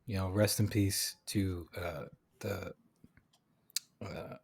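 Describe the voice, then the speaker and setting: A man's voice: deep voice, steady tone, slow pace, a little mellow, slightly rough. A man hosting a podcast in casual chat, chatty and rambling, with lots of "you know" and restarts. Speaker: podcast host.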